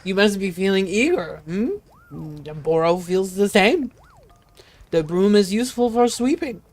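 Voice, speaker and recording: A woman voicing a big, gentle male tea shop keeper in a game, using a put-on foreign accent and formal, broken phrasing. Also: medium pitch, animated, measured pace. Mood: welcoming.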